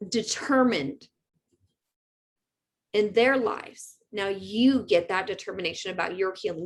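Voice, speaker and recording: A woman with a fairly high voice hosts a live motivational talk as a spiritual medium. She is earnest and animated and speaks straight to her viewers.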